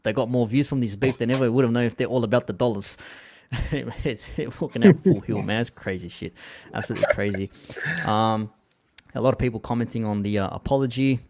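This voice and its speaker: A man's voice: mid-range voice, a little fast, darkish tone. A man hosting a casual commentary show, reading viewer comments in a laid-back way, dropping "man" and "like" often.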